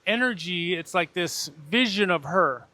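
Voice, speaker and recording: A man's voice: sits high, lively intonation, a little slow, bright, forceful tone, no room sound. A man, a podcast guest, telling an earnest and emotional personal story and acting out the dialogue in it. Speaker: podcast guest, breathwork facilitator.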